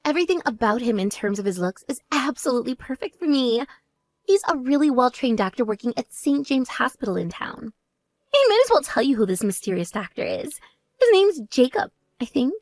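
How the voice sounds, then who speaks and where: A woman voicing a spoiled, vain young woman who talks in a mocking, shrill and demanding way. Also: very animated, a little fast, no room sound. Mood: boastful.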